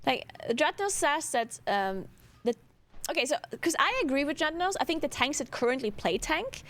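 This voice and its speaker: A woman streamer talks through her views in a relaxed, casual way. Her voice sits a little high, and she hedges often, tossing in "like" and "right?" as she thinks out loud. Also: moderate pace. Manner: thinking aloud, hedging, many "like" and "right?".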